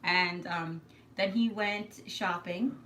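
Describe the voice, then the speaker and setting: A woman's voice: lowish voice, slow, pushed and bright, a little hiss or hum. A middle-aged woman from New York hosting a casual live stream, chatty and rambling, laughing often. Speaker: live stream host, mother.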